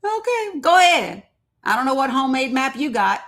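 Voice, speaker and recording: A woman's voice: high voice, sing-song, moderate pace, fairly bright tone. A woman hosting a live stream, teasing and skeptical as she presses her caller with repeated pointed questions and laughs often. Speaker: livestream host. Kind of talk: casual live-stream debate.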